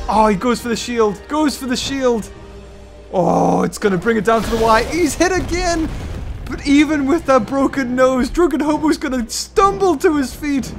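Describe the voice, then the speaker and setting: A man giving excited play-by-play commentary on a mobile game battle. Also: extremely high pitch, moderate pace, soft background music. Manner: enthusiastic, play-by-play like a sportscaster. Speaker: gaming YouTuber.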